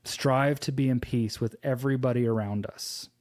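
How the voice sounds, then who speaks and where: A man giving a devotional teaching, telling a personal story slowly and earnestly and quoting scripture. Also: mid-range voice, fairly even intonation, a little mellow. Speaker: preacher.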